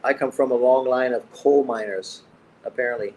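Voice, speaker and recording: A middle-aged man from Canada hosts a casual boxing livestream and reads out comments. He talks in a blunt, joking way and swears nearly every sentence, at an ordinary pitch for a man. Faint room ambience hangs behind his voice. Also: moderate pace, darkish tone, slight background noise, low-quality recording. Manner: profane, blunt, joking banter. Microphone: streaming mic.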